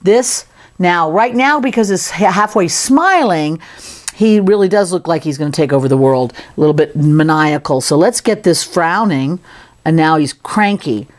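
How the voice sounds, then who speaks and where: A woman with a lowish, animated voice speaks at a moderate pace. She's a sculpting instructor giving a casual, playful tutorial, chatting away as she works.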